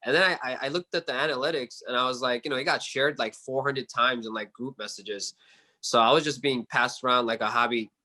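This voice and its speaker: Bright rambling man from New York. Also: mid-range voice, fairly even intonation, brisk. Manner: rambling, filler-heavy, keeps asking "you know what I mean". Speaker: podcast guest, card collector. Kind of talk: casual chat.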